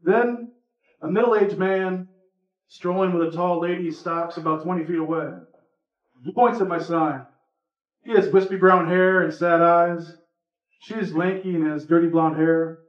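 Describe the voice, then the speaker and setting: A man at a live reading, reading a personal story aloud in a relaxed, conversational way. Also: high voice, unhurried. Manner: relaxed, conversational, a few fillers between parts. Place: indoor reading event. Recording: echoey room, from far off, muffled.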